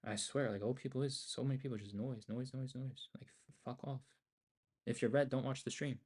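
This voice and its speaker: A man's voice: mid-range voice, fairly even intonation, brisk, darkish tone, breathy edge. A young man ranting at a livestream audience as he trades, heated and profane, talking into a desk mic.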